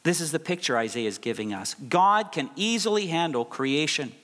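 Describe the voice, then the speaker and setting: A man's voice: a little high, expressive, moderate pace, a bit bright. A middle-aged male pastor preaching a sermon, stressing and repeating key phrases for effect. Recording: long reverb of a large hall.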